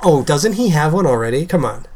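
A woman with a notably low voice co-hosts a podcast in easygoing chat. She jokes and teases her partner, laughing often as she tells stories. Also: animated, a little fast, a little mellow, slight background noise. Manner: jokey, teasing, laughs often. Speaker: podcast co-host. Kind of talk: casual chat.

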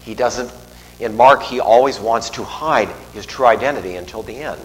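This is a middle-aged man, a priest, speaking at medium pitch and normal speed during a homily in church. He talks conversationally, drifting into digressions, restarting sentences and tossing in asides, while the big space adds long reverb and a faint hum.

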